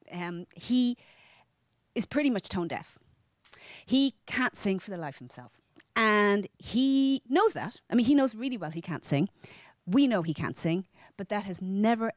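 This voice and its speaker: A middle-aged woman with an Irish accent, telling a personal story to a live audience in a lively, animated way. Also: no room sound. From Ireland. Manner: lively, animated, acts out quoted lines in a higher voice.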